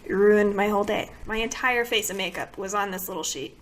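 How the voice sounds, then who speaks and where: A woman's voice: medium pitch, a little fast, a bit bright. A woman beauty vlogger giving a casual product review to camera, complaining dramatically and asking exasperated rhetorical questions.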